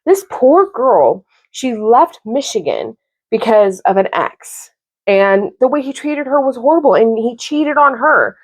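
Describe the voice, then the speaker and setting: Animated woman ranting about a book. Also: on the high side, unhurried. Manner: animated, exasperated, lots of "like". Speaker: book vlogger. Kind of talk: casual book review rant.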